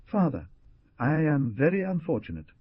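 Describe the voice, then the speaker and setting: A man voicing a sad, gentle young woman pleading with her father in a storybook reading. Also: a little high, big pitch swings, moderate pace, slightly rough, no echo, dull audio, pitched above the performer's own voice. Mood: sorrowful. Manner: pleading and sorrowful.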